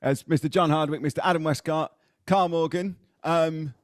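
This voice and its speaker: Cheerful sweary podcast host. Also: male voice, fairly high pitch, fairly even intonation, moderate pace, no echo, clean studio sound. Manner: cheerful, sweary, leads the segment. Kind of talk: casual comedy podcast chat.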